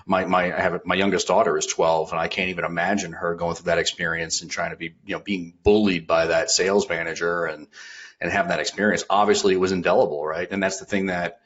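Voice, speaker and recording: A middle-aged man hosting an interview, speaking in a halting, reflective, soft-spoken way. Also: deep voice, husky, dull audio. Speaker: host. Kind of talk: casual interview talk.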